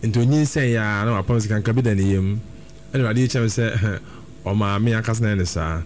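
A man's voice: on the low side, brisk, a little mellow, a little hiss or hum. A man preaching a sermon, repeating phrases and trading short responses. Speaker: pastor.

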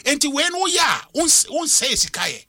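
Man, Ghanaian accent, radio host, high voice, very bright, emphatic, dry studio sound. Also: brisk, gravelly, dry recording. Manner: emphatic, lively, code-switching. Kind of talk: animated radio discussion mixing English and Twi.

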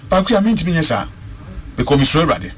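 A man's voice: fairly high pitch, sing-song, rapid-fire, slight background noise. A man with a Ghanaian accent calling in to a radio talk show, speaking with passion and repeating words for stress. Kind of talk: passionate radio call-in commentary.

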